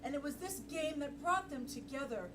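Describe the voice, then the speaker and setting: A woman improvising a story line by line on stage, playful and halting as she makes it up. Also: high-pitched, animated. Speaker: improv performer. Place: comedy theater stage. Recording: distant mic in a noisy live room.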